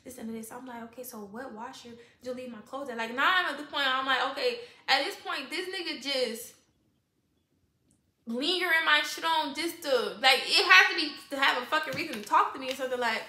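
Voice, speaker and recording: Woman vlogger, high and sharp-toned, animated profane storyteller, roomy echo. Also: fairly quick. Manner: animated, profane, talks straight to viewers. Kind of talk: casual storytime vlog.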